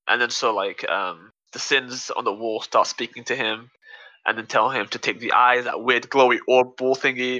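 A man recapping a movie in casual podcast chat, animated and profane, laughing and acting out quoted lines. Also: medium pitch, normal speed, low-quality recording. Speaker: podcast co-host.

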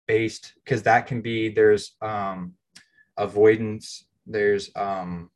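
An American man in his thirties with a somewhat low-pitched voice shares his own story on a podcast. He talks casually and candidly, poking fun at himself along the way. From United States. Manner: candid, self-deprecating, plain-spoken. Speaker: podcast co-host.

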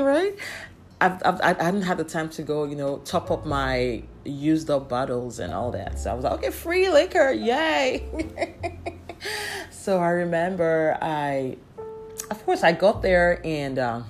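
A woman's voice: sits low, darkish tone. A young woman telling a story in a sassy, chatty way and laughing often. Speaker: vlogger. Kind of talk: casual storytelling. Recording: faint music underneath.

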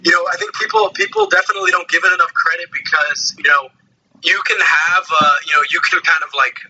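A man's voice: on the high side, sing-song, quick pace, bright, forceful tone, husky, low-quality recording. A man who lifts competitively, a guest on a casual podcast, explaining things earnestly at length with fillers.

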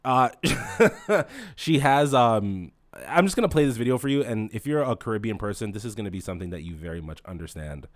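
Animated, foul-mouthed young man ranting. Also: lowish voice, brisk. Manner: animated, profane, swings loud to mumbling. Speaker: podcast host. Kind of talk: casual comedic rant.

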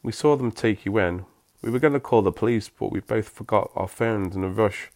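A man voicing a soft-spoken, chatty middle-aged mother who calls people "love". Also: fairly low pitch, a little fast, no echo, natural voice. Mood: cosy.

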